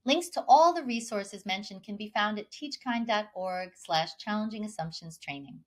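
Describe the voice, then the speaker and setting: A woman moderating a teacher-training panel, delivering clear, scripted remarks and introducing speakers. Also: mid-range voice, animated, normal speed. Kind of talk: scripted presentation.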